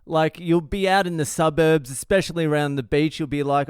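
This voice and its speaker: A man's voice: a little high, fairly quick, clear, resonant tone, no echo, studio quality. A middle-aged man, host of his own podcast, telling stories in a profane, rambling, jokey way. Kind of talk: casual monologue podcast.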